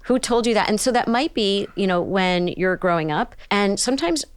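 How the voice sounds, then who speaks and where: A woman's voice: medium pitch, animated, normal speed, clear, resonant tone, no room sound. A middle-aged woman, a psychotherapist, talking through ideas in a podcast interview and acting out little examples as she goes. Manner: thoughtful, explains with acted-out examples. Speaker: psychotherapist and author, guest.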